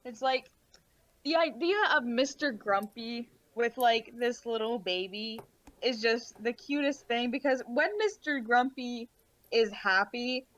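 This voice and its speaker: A woman co-hosting a casual chat, talking with quick chatty asides. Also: a little high, fairly bright tone. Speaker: podcast co-host. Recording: dull lo-fi mic.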